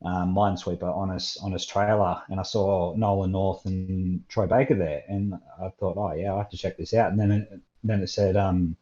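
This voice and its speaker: A man's voice: low-pitched, little pitch movement, normal speed, hardly any pauses, warm tone, highs cut off. A man from Australia with an Australian accent, a podcast guest talking in hesitant, casual chat. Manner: hesitant, many restarts and fillers.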